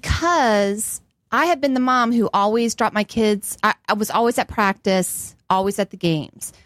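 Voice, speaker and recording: A woman co-host speaks in a mid-pitched voice, teasing the others and tossing in quick jokes. Her voice is recorded dry and close. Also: fairly bright tone, no room sound. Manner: teasing, jokey interjections. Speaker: podcast co-host. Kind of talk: casual chat.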